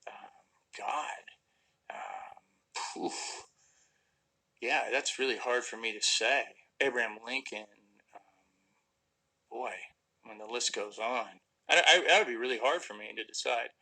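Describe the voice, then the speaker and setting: A man's voice: mid-range voice, big pitch swings, unhurried, gravelly, pauses often, bright, forceful tone, slightly rough, poor audio. A man casually answering viewer questions on a livestream, rambling and joking, sometimes trailing off into mumbles. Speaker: actor answering fan questions.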